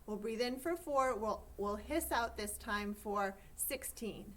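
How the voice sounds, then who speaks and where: Calm, high-voiced woman leading vocal warm-ups. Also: slow pace. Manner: calm, encouraging, gives step-by-step instructions. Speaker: choir teacher.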